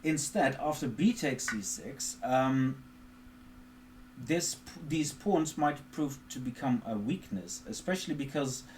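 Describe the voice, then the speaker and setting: A man's voice: mid-range voice, animated, measured pace, a little hiss or hum. A man streaming chess, thinking aloud as he explains positions and moves, with dry self-mocking asides. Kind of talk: live chess commentary. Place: home streaming setup.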